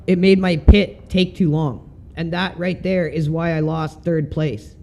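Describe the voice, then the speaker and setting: A man's voice: high-pitched, dark tone, highs cut off. A man chatting casually and swearing now and then while commenting on his sim racing stream. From Canada.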